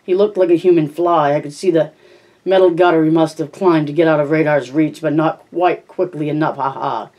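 A medium-pitched, darkish voice with fairly even intonation reads a first-person novel a little fast. The amateur narrator stumbles on words and corrects them along the way.

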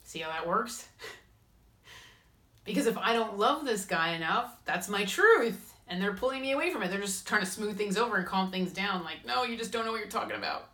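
A woman hosting a spiritual advice talk, speaking in a lively way and acting out inner voices and quotes. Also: medium pitch, moderate pace. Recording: roomy echo.

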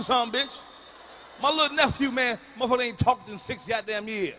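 A man doing a profane stand-up comedy routine on stage, ranting and shouting his punchlines into a handheld mic. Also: extremely high pitch, moderate pace, slight background noise. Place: large concert venue.

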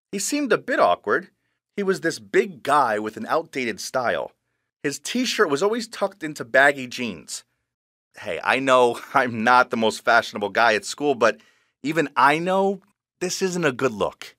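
A man telling a first-person story in an expressive, animated narration style. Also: mid-range voice, normal speed, dry recording, studio quality.

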